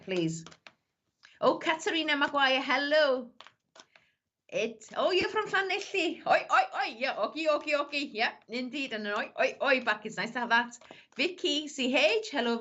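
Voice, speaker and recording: On a live stream, a woman psychic medium offers greetings and readings, chatty and fond of calling viewers "my lovely." Her voice is high-pitched with a sharp tone, and the audio sounds dull.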